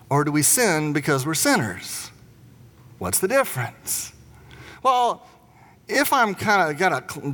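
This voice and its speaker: A man's voice: a little high, a bit bright. A man preaching a sermon, telling a family story and acting out the voices in it. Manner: storytelling, acts out quotes. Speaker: pastor. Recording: long hall reverb.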